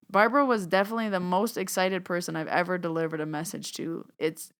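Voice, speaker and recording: A woman hosting her own podcast, telling a personal story in a chatty, animated way and acting out what people said. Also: fairly low pitch, fast, few pauses, smooth. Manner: chatty, animated, acts out quoted dialogue. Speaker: podcast host and medium. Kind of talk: casual storytelling monologue.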